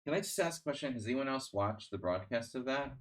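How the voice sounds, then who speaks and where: A man's voice: medium pitch, expressive, quick pace. A man streaming chess, chatting casually in a rambling, sardonic way, full of restarts and fillers. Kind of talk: casual live-stream chat.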